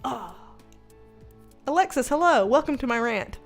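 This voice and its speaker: High-voiced chatty Southern woman. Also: unhurried, faint music behind. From American South. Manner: animated, swearing, laughing storyteller. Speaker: livestream host. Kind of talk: casual livestream chat.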